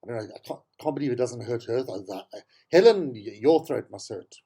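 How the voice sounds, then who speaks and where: A man's voice: mid-range voice, lively intonation, fairly quick, mellow, slightly rough. Sarcastic South African man on politics. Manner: exasperated, sarcastic, repeats himself for emphasis. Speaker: talk show host. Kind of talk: opinionated political commentary monologue.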